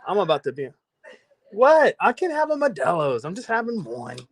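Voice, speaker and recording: A man's voice: sits high, huge pitch swings, moderate pace. A middle-aged man casually chatting on a phone live stream while walking around his house, loose and profane, laughing often.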